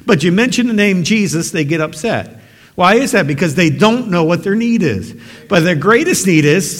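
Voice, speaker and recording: A man delivers a sermon with earnest, emphatic conviction, pressing his points home and rising to forceful exhortation. His voice sits a little high for a man. The sound rings with the long reverb of a large hall. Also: animated, normal speed. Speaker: preacher.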